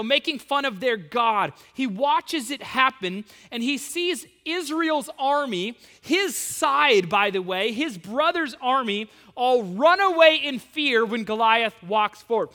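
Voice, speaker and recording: Animated bright-voiced male preacher. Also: very high voice. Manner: animated storytelling, casual slang. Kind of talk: sermon. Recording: long hall reverb.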